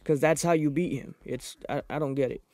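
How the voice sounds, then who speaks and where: A young man hosting a podcast, reviewing fights in a profane, rambling, excitable casual monologue. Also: fairly high pitch, a little fast, dry recording, soft background music. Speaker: podcast host.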